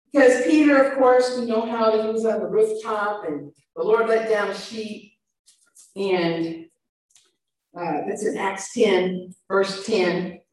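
Preaching woman in an echoey room. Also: medium pitch. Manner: animated, shifting loud and soft emphasis. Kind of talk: sermon. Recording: echoey room, mic far off.

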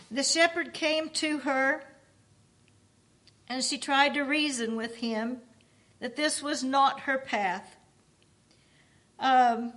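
A woman reading a book aloud at a church service, paraphrasing as she goes in a measured, earnest way. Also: sits high, a bit bright.

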